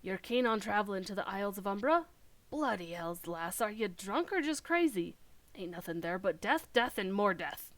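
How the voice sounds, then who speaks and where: A woman voicing a gruff male pirate sailor, low and gravelly, coarse and blunt. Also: animated, moderate pace, a bit bright, lightly acted. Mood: scornful. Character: gruff male sea-dog pirate, scornful.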